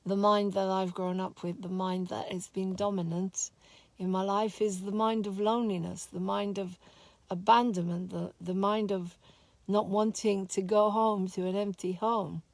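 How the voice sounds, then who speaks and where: A woman teaching a spiritual course in a slow, soft, heartfelt way, openly sad as she talks. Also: medium pitch, level tone, no room sound. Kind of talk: reflective spoken talk.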